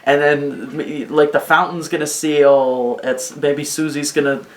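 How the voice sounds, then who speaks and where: A woman ranting excitedly about her video game theories in a rambling, swearing, casual way. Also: sits low, slow pace. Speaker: video host. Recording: echoey room.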